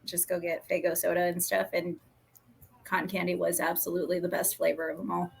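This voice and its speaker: A woman's voice: lowish voice, monotone, brisk, creaky. A woman hosting a casual podcast round, chatting loosely and breaking into giggles. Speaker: guest host this week.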